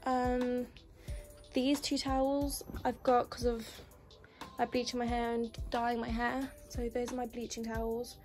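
A woman's voice: a little high, little pitch movement, a little slow. Chatty young woman over background music. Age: young adult. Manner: chatty, listing items as she goes. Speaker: vlogger giving a room tour. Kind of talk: casual room-tour narration. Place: student bedroom in university housing. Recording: music playing under the voice.

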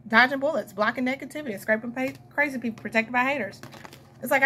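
A young woman with a Southern US drawl talks through a tarot reading, rambling and chatty, breaking off for quick laughs and asides to her viewers. Her voice sits a touch higher than most, and a faint hiss of noise runs under the recording. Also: pushed and bright. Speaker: tarot reader. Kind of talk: casual tarot reading monologue.

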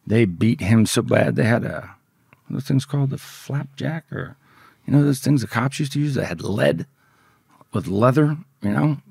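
A man's voice: medium pitch, animated, normal speed, gravelly, darkish tone, breathy edge, no echo, studio quality. A man telling a story from his past in casual, profane speech, often acting out the voices of the people in it. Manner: profane, vivid, acts out quoted voices.

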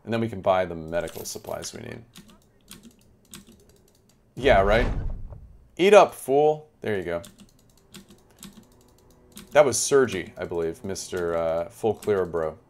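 Animated man streaming a game. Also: low voice, measured pace, long pauses, slight background noise. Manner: chatty, animated, talks to chat. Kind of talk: live game commentary.

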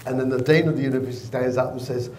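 Loud joke teller in echoey room. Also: male voice, medium pitch, rapid-fire, a little hiss or hum. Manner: lively storyteller, loud. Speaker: guest comedian. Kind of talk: joke telling.

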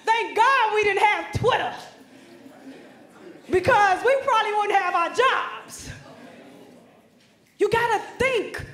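High-pitched emphatic woman speaker. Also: animated, takes it slowly, pauses often, a bit bright. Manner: emphatic, preacherly, talks directly to students. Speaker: motivational speaker. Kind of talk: motivational conference speech. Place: conference hall stage. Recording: echoey hall.

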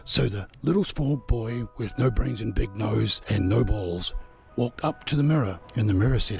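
A man telling a crude, mocking fairy tale, playful and unhurried, with chuckles between lines. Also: medium pitch, vocal fry, faint music behind. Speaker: storyteller and channel host. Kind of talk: crude comic storytelling.

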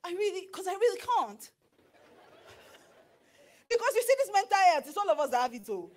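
A middle-aged Nigerian woman preaching on marriage, animated and slipping into pidgin with acted asides. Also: very high-pitched, brisk, slight background noise. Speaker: pastor and marriage counselor. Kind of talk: sermon.

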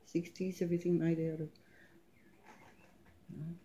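A woman giving a casual home video tour of her collection, naming the items one by one in a halting way. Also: on the low side, little pitch movement, warm tone, slight background noise.

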